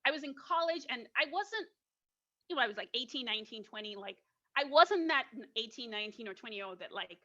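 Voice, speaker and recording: A woman in her forties from Nigeria, a guest opera singer telling her story in a casual podcast interview, animated and laughing often. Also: fairly high pitch, a little fast. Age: 40s. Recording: dull lo-fi recording.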